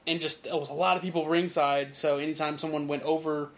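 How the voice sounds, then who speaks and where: A man's voice: on the high side, little pitch movement, quick pace, a bit bright. A young man co-hosting a casual conversation, agreeable and often restarting his sentences. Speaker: podcast co-host. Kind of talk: casual chat.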